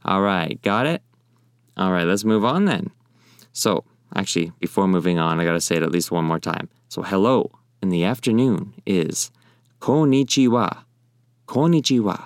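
A young man teaching in a friendly, casual way, often repeating phrases slowly. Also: low voice, animated, clean tone, no echo, studio quality. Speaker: language teacher. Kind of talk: casual spoken lesson.

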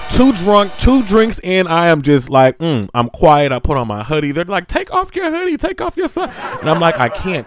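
A man hosting a podcast, telling a personal story in a lively, laughing, foul-mouthed monologue that climbs high and loud when he retells his panic. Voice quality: animated, laughing, swearing freely. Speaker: podcast host.

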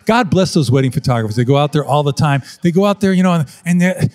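Lively fast-talking man telling stories. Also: a little high. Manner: emphatic, acts out other people's voices. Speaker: wildlife photographer guest. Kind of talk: animated interview storytelling.

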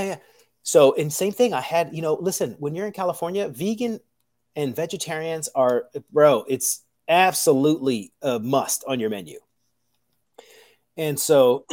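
A man who works as a professional chef, talking casually to camera in an animated, rambling way, full of fillers, restarts and swearing. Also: a little high. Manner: acts out kitchen dialogue in quoted voices.

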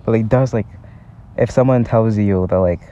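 A man chatting in a casual, rambling vlog from a park, talking haltingly with lots of fillers. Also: on the low side, mellow, dull audio. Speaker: vlogger. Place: outdoors in a park. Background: faint breeze and park ambience.

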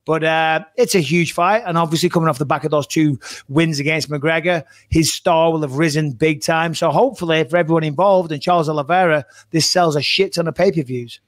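A man hosting a casual podcast, talking loosely and swearing as he goes. His voice runs a bit high for a man, and the recording is close and dry. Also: brisk, no room sound. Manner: chatty, swearing, self-correcting. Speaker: podcast host. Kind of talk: casual chat.

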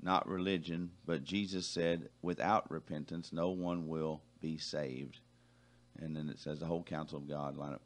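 A man with a very low voice co-hosts a radio talk show. He reads listener texts aloud and walks through his answer in a patient, conversational way. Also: steady tone, normal speed. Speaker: radio co-host.

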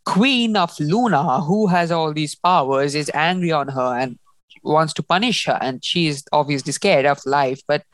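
A young woman in casual book chat, animated and laughing often as she acts out lines. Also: low-pitched, dry recording. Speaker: book discussion host.

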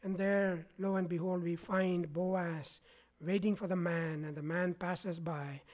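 A man preaching a sermon to his congregation, often checking in with them by asking "right?". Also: high-pitched. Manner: asks the congregation frequent "right?" tags. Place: church.

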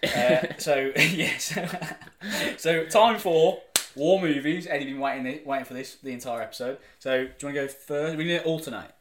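A man's voice: fairly high pitch, normal speed, a bit bright. A man co-hosting a podcast, telling a story casually with frequent laughs and swearing. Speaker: podcast co-host. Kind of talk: casual chat. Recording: echoey room.

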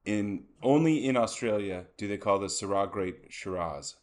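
A man's voice: on the low side, moderate pace. A man co-hosting a podcast, explaining things in a laid-back way with dry humor. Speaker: podcast co-host. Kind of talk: casual podcast chat.

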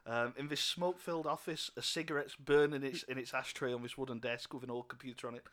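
A man's voice: medium pitch, fairly even intonation, fast, a bit bright. A man narrating a tabletop game as game master, loose and chuckling with many fillers.

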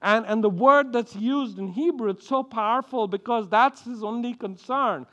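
A man's voice: very high-pitched, normal speed, hardly any pauses, a bit bright, dull audio. A man from India preaching a sermon, acting out quotes and often stumbling over and repeating his words.

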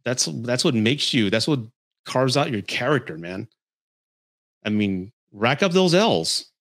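A man's voice: medium pitch, lively intonation, a little slow, a bit bright. Blunt-talking male podcast host. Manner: blunt, candid advice with mild swearing. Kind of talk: casual livestream chat reading comments.

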